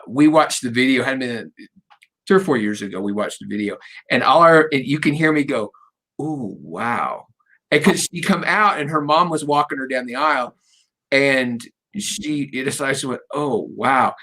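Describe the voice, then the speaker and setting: A middle-aged man hosting a casual interview, rambling warmly through personal stories and cracking jokes. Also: mid-range voice. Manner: rambling, storytelling, jokey. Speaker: radio show host.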